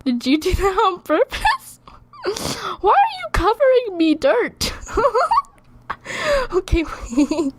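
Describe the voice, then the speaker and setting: Giggly teasing woman, very high voice. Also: sing-song, slow pace, pauses often, noisy background. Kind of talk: casual chat while recording.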